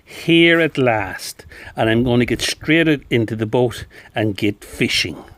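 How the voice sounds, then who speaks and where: A man narrates his fishing trip in a chatty, enthusiastic way as he drives down country roads. His voice sits at an ordinary middle pitch. Steady road and engine noise runs clearly underneath him. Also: a little slow. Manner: enthusiastic, gushing about the scenery. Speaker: fishing vlogger. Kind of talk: chatty travel narration to camera. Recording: road and car noise behind.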